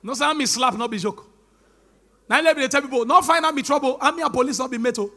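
A young man with a Nigerian accent tells stand-up stories to a church crowd. His voice sits very high and sounds bright and forceful. He switches into pidgin and shouts his punchlines. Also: fast. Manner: animated storytelling, mixing pidgin, shouting punchlines. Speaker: stand-up comedian.

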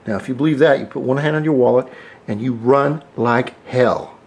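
A man's voice: mid-range voice, moderate pace, gravelly, darkish tone. A middle-aged man giving a casual how-to vlog from his workshop, rambling, joking and cussing freely as he spray paints parts. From United States. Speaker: scooter hobbyist vlogger.

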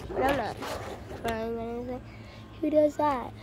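A woman narrating playful toy play in a silly, repetitive way over steady background noise. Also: on the high side, normal speed. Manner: silly and repetitive, chanting phrases. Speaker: vlogger playing with plush toys.

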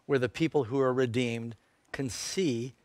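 A man, a pastor co-hosting a Bible question-and-answer show, answering in a relaxed, halting way with many fillers. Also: medium pitch, no room sound. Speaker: pastor and co-host. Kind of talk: unscripted Bible Q&A.

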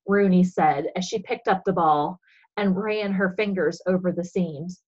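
Woman storyteller for kids' faith class, expressive, breathy, slightly dull sound. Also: lowish voice, measured pace. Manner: expressive, animated reading. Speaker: religious education storyteller. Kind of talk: reading a children's story aloud.

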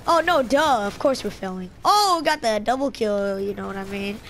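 A woman giving casual gameplay commentary, excitable and trash-talking, breaking into sudden yelps. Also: medium pitch, unhurried, a little hiss or hum. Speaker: gaming channel host.

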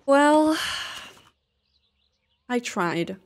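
A woman with a high voice chatting her way through a video game stream. She talks to the game and to herself as she plays, exclaims often and slips into playful drama. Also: animated, a little slow, fairly bright tone. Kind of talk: casual let's-play commentary.

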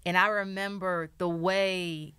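A woman podcaster in casual chat, telling stories in an animated way with lots of "like". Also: fairly low pitch, slow, clean tone, dry recording.

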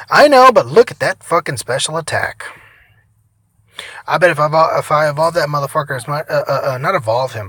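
A man's voice: on the high side, no room sound. Tired young man ranting over his game. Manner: profane, rambling, swings between loud outbursts and mumbling asides. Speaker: gaming vlogger. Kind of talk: casual gameplay commentary.

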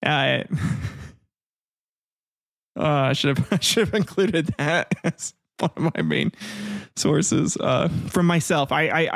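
A man's voice: on the high side, gravelly, dry recording, studio quality. A man hosting a history podcast in casual chat, rambling between reading notes and crude joking asides. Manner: rambling, jokey, crude asides, frequent laughs. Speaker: podcast host.

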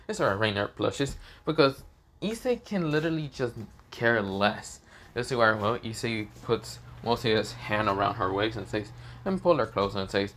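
A man's voice: fairly low pitch, fairly quick, fairly bright tone, slight background noise. A man narrating his own fan story off the cuff, rambling and hesitant with many fillers.

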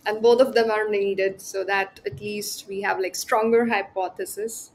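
A woman's voice: mid-range voice, level tone, a little slow, slight background noise, poor audio. A woman hosting a podcast, asking her guest structured questions. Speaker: podcast host. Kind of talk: interview questions.

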